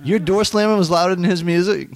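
A man with a somewhat high voice, hosting a loose podcast and ribbing the others with crude, profane jokes. The sound is dry and close to the mic. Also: fast talker, no echo. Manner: teasing, profane joking. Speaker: host. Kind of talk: casual podcast banter.

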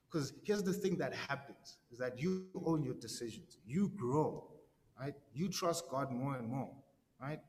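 A man's voice: medium pitch, lively intonation, measured pace, darkish tone, big-room sound, slight background noise. A man giving a casual, conversational sermon, slangy and full of "right?" tags and repeated words. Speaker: preacher.

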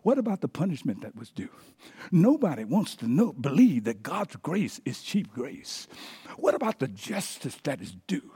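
A male pastor preaching a sermon with animated call-outs to the congregation. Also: a little high, moderate pace, slightly rough.

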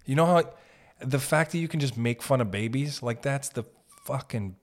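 Mid-range and at normal speed, a male podcast host's voice carries a rambling, comedic monologue laced with profanity. He interrupts himself mid-sentence again and again and puts on mock voices.

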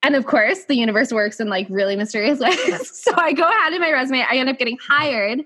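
A woman hosting a podcast, telling a personal story in casual chat, animated and full of "like". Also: high-pitched, fairly quick. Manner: animated, filler-heavy "like" talk. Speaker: podcast host.

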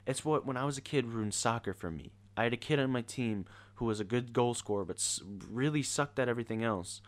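A man's voice: medium pitch, a little fast, few pauses. A teenage boy ranting casually in an exasperated, sarcastic way. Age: teens. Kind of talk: casual rant to camera.

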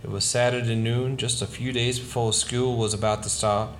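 A man reading a short story aloud in a soft, quiet, measured way. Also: medium pitch, level tone. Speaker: narrator.

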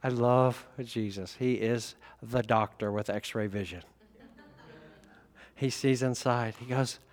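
A male pastor giving a sermon, animated, moving between quiet remarks and emphatic bursts. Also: medium pitch, slow. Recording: echoey hall reverb.

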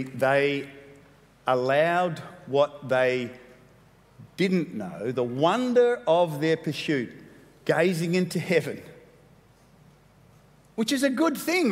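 A man preaching a sermon as pastor, animated and playful, with quick asides. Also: on the high side. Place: church hall. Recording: long hall reverb.

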